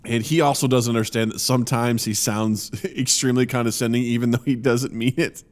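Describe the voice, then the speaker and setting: A man with a Missouri accent co-hosting a podcast, telling animated stories and laughing often. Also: mid-range voice, a little fast. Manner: animated storyteller, laughs often, acts out quotes. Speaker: podcast co-host. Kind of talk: casual chat.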